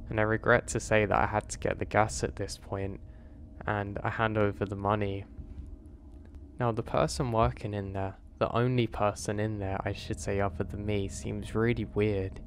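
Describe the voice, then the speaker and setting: Low-voiced man telling a horror story. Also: flat delivery, a little hiss or hum. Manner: measured, confessional storytelling. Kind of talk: first-person horror story narration.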